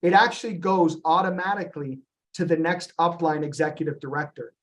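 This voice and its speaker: Animated man pitching on a group call. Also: a little fast. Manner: animated, storytelling, frequent "um" and repeated "I said". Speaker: company founder presenting to agents on a call. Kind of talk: business presentation on a group call.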